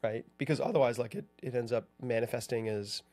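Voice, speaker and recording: A man's voice: medium pitch, fast talker, dark tone, soft background music. A man co-hosting a podcast about marriage, speaking earnestly in casual conversation and often asking "right?". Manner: earnest, ends points with "right?". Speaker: podcast co-host.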